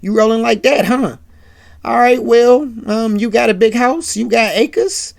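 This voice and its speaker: A narrator voicing a brash, joking male radio host who teases his guest loudly. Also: mid-range voice, creaky, voice pushed up. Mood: teasing. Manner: loud, quick, teasing and jealous.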